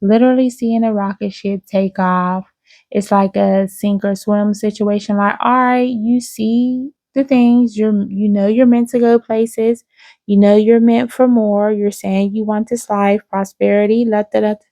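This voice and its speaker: Slow, soft-toned woman giving a psychic reading. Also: mid-range voice, fairly even intonation, no echo. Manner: slow, drawn-out, soothing, with many "okay?" asides. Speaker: psychic reader. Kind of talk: intuitive reading to viewers.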